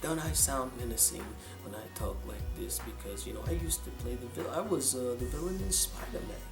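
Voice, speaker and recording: A man doing a mocking impression of a male villain who speaks in a very quiet, breathy, menacing near-whisper. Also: mid-range voice, echoey room, over music, voice pushed down, lightly acted. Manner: slow, menacing, talks down.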